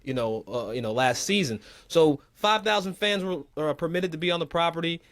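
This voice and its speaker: A man co-hosting a golf talk show, chatting casually with animated, playful slang. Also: fairly high pitch, fairly quick. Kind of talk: casual sports chat.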